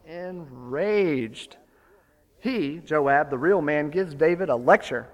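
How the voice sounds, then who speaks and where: Guy giving a sermon, tells it like a story and gets loud for emphasis, bit of a higher voice, big echoey church. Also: slow. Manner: storytelling, animated, rising to forceful emphasis. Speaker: preacher.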